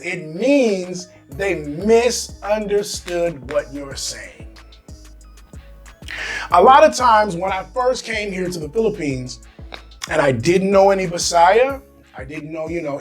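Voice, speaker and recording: An American man hosting his own vlog, talking casually and animatedly to camera in slangy speech. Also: sits high. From United States. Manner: animated, slangy, acts out quoted voices. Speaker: expat vlogger host.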